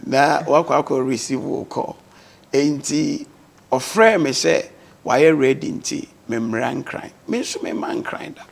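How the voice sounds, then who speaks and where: A man's voice: medium pitch, slow pace, gravelly. A man with a Ghanaian accent, a guest on a talk show, earnestly telling his life story and mixing English words into his speech.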